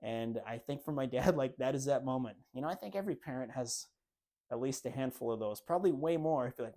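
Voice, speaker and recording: A man in his thirties hosting a podcast, telling a family story in a relaxed, animated way. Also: medium pitch, a little fast. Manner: animated storyteller, acts out family members' lines. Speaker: podcast host. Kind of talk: casual storytelling monologue.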